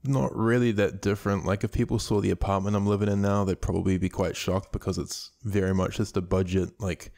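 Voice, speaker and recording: A man's voice: deep voice, level tone, fairly quick, gravelly, hardly any pauses, darkish tone. A young man with a light New Zealand accent, a YouTuber guest talking casually and rambling with many fillers. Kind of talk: casual interview chat.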